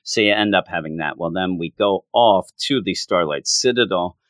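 A man's voice: normal speed, fairly bright tone, no echo. Male comic reviewer, casual rant, sarcastic mimicry, dry close sound. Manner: exasperated, pitch jumping high in frustration; mocking mimicry of characters.

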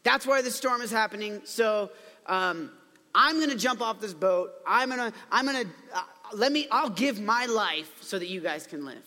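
A frightened, self-pitying male prophet, as a preacher voices him, speaking in a sheepish, casual modern way. The voice is high and bright. It echoes with a long hall reverb. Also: lively intonation, moderate pace.

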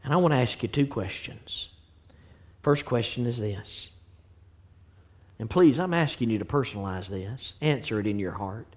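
A man preaching in a church, pleading earnestly in his altar call and dropping to hushed whispers between louder appeals. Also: medium pitch, lively intonation, normal speed, pauses often. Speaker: pastor. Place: church sanctuary. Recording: faint piano music behind.

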